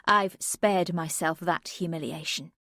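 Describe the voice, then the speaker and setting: A woman's voice: on the low side, unhurried, bright, forceful tone, no echo, clean studio sound. Woman narrator as a bitter, defiant wife. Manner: cold, stony and challenging.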